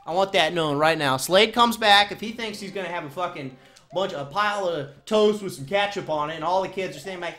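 A woman streaming a speedrun, talking in a joking, excitable way that swings to shouting, in an echoey room. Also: fairly low pitch, a little fast, soft background music. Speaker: video game streamer. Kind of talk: live-stream commentary while speedrunning.

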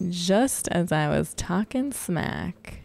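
Bubbly woman gamer with gravelly fry. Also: fairly low pitch, drawn-out words, soft background music. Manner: bubbly and excitable, squealing little cheers. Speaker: gaming channel host. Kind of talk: casual let's-play commentary.

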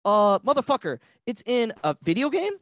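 A man's voice: extremely high pitch, big pitch swings, moderate pace, a bit bright, dry recording. Ranting man, dry close sound. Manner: passionate, ranting, profane. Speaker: podcast guest. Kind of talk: casual podcast chat.

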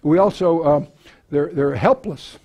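A man's voice: on the high side, a little slow, warm tone, highs cut off. A man teaching a Bible passage verse by verse to a live audience, in a conversational way with folksy asides, frequent fillers and restarts. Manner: folksy asides and self-deprecating humor.

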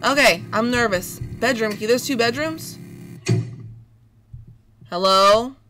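A woman playing a horror game and commenting in a goofy, playful way, with baby-talk words, who gets excitable and jumpy when scared. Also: a little high, slow pace, rough recording. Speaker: gaming YouTuber. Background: loud eerie game music.

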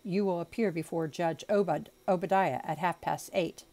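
A woman's voice: lowish voice, moderate pace, darkish tone, close to an everyday voice. A woman reading aloud, voicing a male policeman who speaks in a curt, businesslike way. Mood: official.

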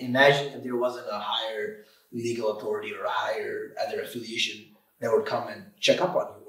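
A man's voice: lowish voice, a bit bright. A man who runs an auto repair shop talks about his business on a podcast interview. He speaks emphatically and with animation, often saying "you know" and "literally". He is heard from a distant mic in a room with a lot of echo. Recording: roomy sound from a distant mic.

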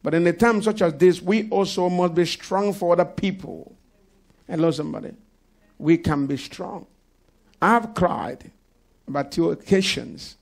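A male pastor preaches a sermon in church, often calling out to his congregation. His voice sits a little high and has a gravelly edge. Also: a little slow. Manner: preaching with call-outs to the congregation. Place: church service.

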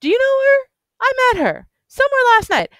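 A woman voicing an excitable drunk man in spectacles. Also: very high-pitched, moderate pace, no echo, pitched above the performer's own voice, heavily acted. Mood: rambling. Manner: excited, insistent, rambling. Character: drunk stout middle-aged man in big spectacles, excitable. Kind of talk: reading a novel aloud.

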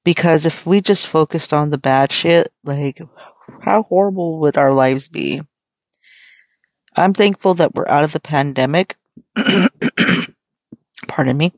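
A woman's voice: low-pitched, measured pace, pauses often, a little mellow, dry recording. A young adult American woman hosting her own podcast, talking in a rambling, frank, swear-heavy casual way. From United States. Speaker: podcast host. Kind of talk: casual solo podcast chat.

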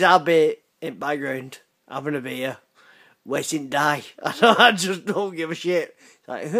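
A man's voice: a little high, slow pace, a bit bright. A British man hosting a gaming channel, reacting to voicemails in a laid-back, swearing, laughing way. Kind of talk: casual reaction commentary.

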